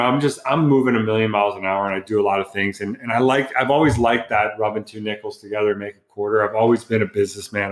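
A middle-aged man, a photographer and entrepreneur, telling rambling, profane, self-mocking stories as a guest in a casual interview. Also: fairly low pitch. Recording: echoey room.

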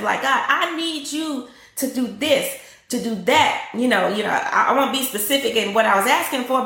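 A woman's voice: high-pitched, bright, forceful tone, echoey room. A woman preacher teaching a sermon, fervent and repetitive, quoting scripture on a live stream. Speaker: prophetess and teacher.

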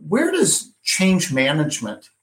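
A man's voice: a little high, huge pitch swings, measured pace, a bit bright. Man thinking aloud as interview host. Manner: thinks aloud, builds long questions with restarts. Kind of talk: conversational interview.

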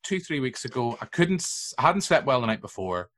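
A man's voice: medium pitch, very animated, fairly quick, fairly bright tone. A man hosting a podcast, chatting casually in a rambling, jokey way and wandering off on tangents. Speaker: podcast host. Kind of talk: casual chat.

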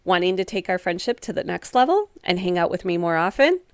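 A woman's voice: lowish voice, sing-song, brisk, smooth, dry recording, studio quality. A woman hosting a solo wellness podcast, talking in an upbeat, encouraging, chatty way with casual fillers. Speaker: podcast host and wellness coach.

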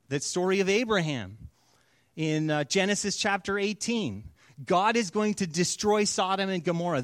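Male pastor, conversational storyteller, fairly high pitch, dry close sound. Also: no room sound. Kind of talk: sermon.

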